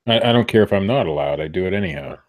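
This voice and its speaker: A middle-aged man co-hosts a podcast from a room at home, chatting casually and rambling, often cutting himself off mid-sentence. His voice is deep and expressive, and he speaks very fast.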